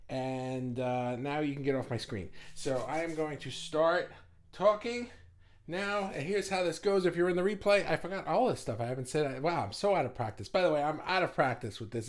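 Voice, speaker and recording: Chatty, rambling male livestream host. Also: fairly high pitch. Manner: chatty and rambling, greeting viewers by name, with swearing and self-deprecating jokes. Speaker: host of a live online group session. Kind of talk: casual livestream chat with viewers.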